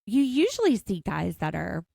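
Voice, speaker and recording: A woman's voice: medium pitch, huge pitch swings, gravelly, mellow, no echo, studio quality. A woman co-hosting a podcast, chatting casually and joking as she recaps a show. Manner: chatty, jokey, quick asides. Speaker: podcast co-host.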